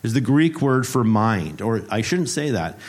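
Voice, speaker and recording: Male pastor, mid-pitched voice, playful and teacherly, runs a sermon like a quiz game, repeats phrases for emphasis. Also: sing-song, a little slow.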